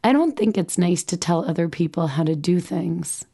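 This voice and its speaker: A woman voicing a gentle, thoughtful young girl who talks to her mother in a consoling way, in a read memoir. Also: fairly low pitch, lively intonation, moderate pace, vocal fry, breathy edge, full character voice.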